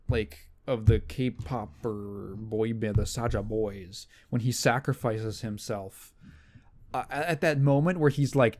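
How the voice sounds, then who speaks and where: A man's voice: mid-range voice, darkish tone. A young man hosting a podcast, telling rambling stories in casual chat, laughing often and mimicking people. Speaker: podcast host.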